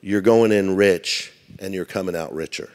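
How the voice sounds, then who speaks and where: A man's voice: low-pitched, normal speed, darkish tone. Male pastor, casual storytelling sermon with jokes, reverberant church hall. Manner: conversational preaching, humorous asides.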